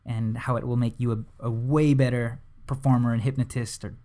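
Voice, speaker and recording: A young man teaching hypnosis in a relaxed, conversational way, with frequent fillers and restarts. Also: mid-range voice, normal speed. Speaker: hypnosis instructor. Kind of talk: casual instructional talk to camera.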